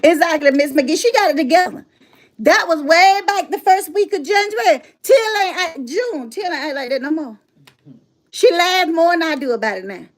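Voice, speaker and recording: A woman's voice: very high voice, animated, normal speed. A middle-aged woman talking casually to her audience in a sassy, emphatic way, laughing often and repeating herself for effect. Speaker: motivational speaker and channel host. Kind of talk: casual livestream monologue.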